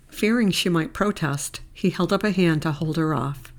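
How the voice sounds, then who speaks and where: A woman narrating a romance audiobook in a steady, measured storytelling manner. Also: deep voice.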